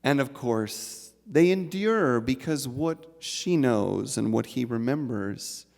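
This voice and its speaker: A man giving a sermon at a spiritual center, measured and reflective, telling a folk tale. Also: medium pitch, vocal fry, darkish tone. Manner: slow, measured, reflective delivery. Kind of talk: sermon with storytelling. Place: large hall of a spiritual center. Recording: live talk with long hall reverb.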